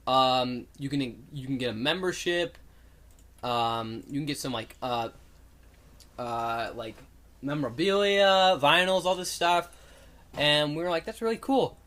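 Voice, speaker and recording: A young man co-hosting a casual podcast, his voice bright and sitting a bit high. He rambles through an anecdote with plenty of fillers and slips into animated impressions of the people in it. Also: a little slow. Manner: rambling, filler-heavy, acts out quotes animatedly. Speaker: podcast co-host. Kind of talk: casual storytelling chat.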